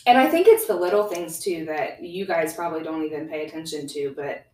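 A woman's voice: sits low, brisk, a little mellow. A woman hosting a podcast interview, asking earnest, admiring questions. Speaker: podcast host. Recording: echoey room.

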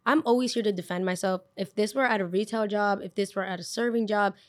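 A woman in her twenties, a podcast host, telling a story in a casual, animated way and acting out what people said. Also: medium pitch, fast talker. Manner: animated, acts out quotes, lots of "like".

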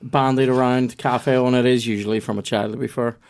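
A man's voice: medium pitch, steady tone, a little fast, gravelly, darkish tone. A man, a podcast guest who talks casually and jokes at his own expense, swearing as he goes. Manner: self-mocking, banters and swears. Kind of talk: casual chat.

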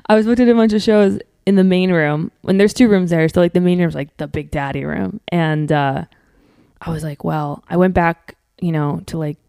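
A woman's voice: on the low side, normal speed, creaky, warm tone, clear, resonant tone, dry recording, clean studio sound. A young woman from Minnesota, a comedian guesting on a podcast, talking candidly and swearing freely. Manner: candid, swears freely, acts out quotes in a raised voice. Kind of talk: casual chat.

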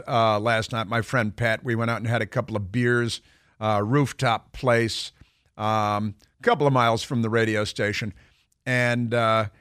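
A man's voice: mid-range voice, a bit bright, smooth, no echo, studio quality. A man hosting a radio talk show, telling a long story in a rambling, digressive way with lots of fillers and restarts.

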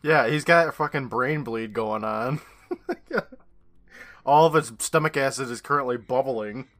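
A man co-hosting a podcast, tossing in deadpan, profane quips. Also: medium pitch, a little slow. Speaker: podcast co-host. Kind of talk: casual recap chat.

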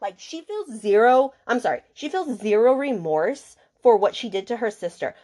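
A woman's voice: a little high, animated, normal speed, mellow. Chatty, indignant woman recapping a book. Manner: chatty and emphatic, full of fillers and swearing. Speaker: book podcast host.

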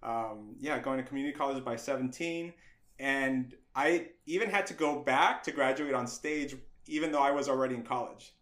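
A middle-aged man, a guest on an interview podcast, telling stories from his youth in a casual, animated way and acting out the voices of people he quotes. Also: medium pitch, moderate pace. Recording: roomy echo.

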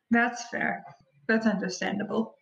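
A woman's voice: mid-range voice, steady tone, slow, vocal fry, a bit bright, roomy sound, dull audio. A woman playing a tabletop game in character, playful and teasing. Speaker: player. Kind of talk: casual in-character tabletop chat.

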